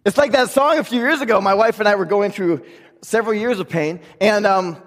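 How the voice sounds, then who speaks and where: A man preaching from the pulpit with a high, ringing voice that carries through a large hall's long reverb. He builds to shouted declarations of belief, then drops suddenly to a near hush. His sermon has a personal, fervent edge. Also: brisk. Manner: impassioned, sometimes shouting, dropping to a hush. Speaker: pastor.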